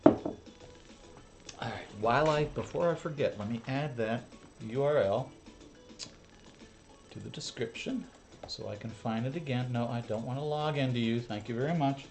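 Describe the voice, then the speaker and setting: A man's voice: mid-range voice, moderate pace, pauses often, darkish tone, faint music behind. An American man chatting casually as he watches drone footage with his viewers, rambling through asides and chuckles. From United States. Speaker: channel host. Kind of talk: casual reaction commentary.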